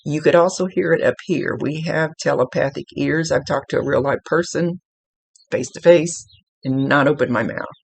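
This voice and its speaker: A woman's voice: low voice, normal speed, creaky, slightly rough, poor audio. A woman psychic medium giving a casual spoken reading, chatty and explanatory with folksy asides.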